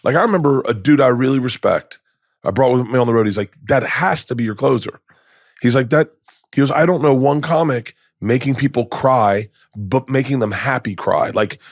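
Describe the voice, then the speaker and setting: A man in his fifties, a comedian guest telling stories in a podcast interview, rambling and animated, acting out quoted lines with many restarts. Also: mid-range voice, no room sound, clean studio sound. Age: 50s. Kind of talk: candid storytelling in conversation. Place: podcast studio.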